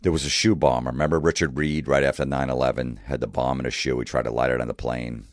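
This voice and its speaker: A man with an extremely low voice rants in a profane monologue, exasperated, piling up rhetorical questions. The sound is dry and close, with no room around it. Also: little pitch movement, quick pace, dry recording. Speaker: comedian.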